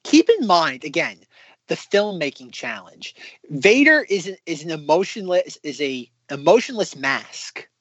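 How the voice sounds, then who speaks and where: A man co-hosting a casual podcast, talking in long excited run-on predictions with many restarts. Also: fairly high pitch, a little slow, slightly rough, dry recording, muffled recording. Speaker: podcast co-host.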